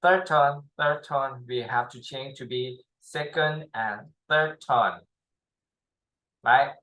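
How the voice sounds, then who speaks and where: Slow, halting male language tutor. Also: medium pitch, pushed and bright, low-quality recording. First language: Thai. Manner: halting, many fillers and restarts, non-native English. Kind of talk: slow spoken language lesson.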